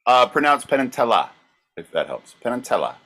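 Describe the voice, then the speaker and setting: A man's voice: medium pitch, sing-song, fairly quick, fairly bright tone, husky. A man co-hosting a podcast who runs a quiz segment, hesitant and full of fillers, playing the straight man. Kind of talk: casual comedic banter.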